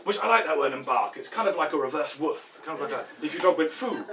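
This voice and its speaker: A man's voice: a little high, animated, quick pace, reverberant, over a noisy crowd. A man doing a stand-up routine in a pub, rambling and mock-exasperated, often breaking off mid-sentence. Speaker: stand-up comedian. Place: pub function room. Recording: distant, dull, noisy live recording.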